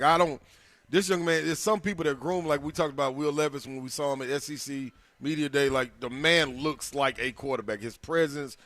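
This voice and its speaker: A man's voice: mid-range voice, fairly bright tone, no room sound. A man co-hosting sports talk radio, casual and slangy, laughing often. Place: radio studio.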